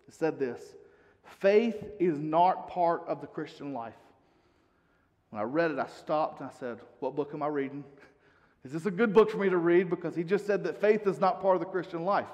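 A male pastor preaches to his congregation, moving between relaxed, chatty asides and scripture readings. His voice sits a little high, and it carries a long reverb from a church hall. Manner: conversational preaching, reads scripture aloud. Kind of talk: sermon.

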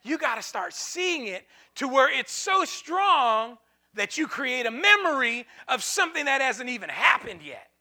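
A male pastor preaching an impassioned sermon in a church, dropping to a hush and then breaking into shouts, with repeated call-and-response lines. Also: extremely high pitch, big pitch swings, unhurried. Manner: repetitive call-and-response phrasing.

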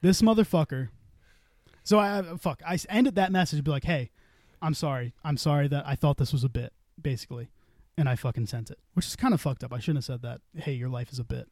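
A man's voice: on the high side, quick pace, a little mellow, no echo, clean studio sound. A man telling a long story on a casual podcast, swearing freely and acting out the dialogue. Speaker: podcast co-host.

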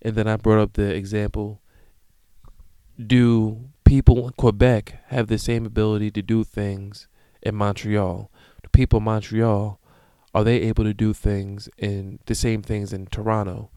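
A man in his thirties hosting a solo podcast, ranting in a profane, animated, comedic way. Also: fairly low pitch, unhurried, smooth, dry recording. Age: 30s. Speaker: podcast host. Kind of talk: casual solo podcast monologue.

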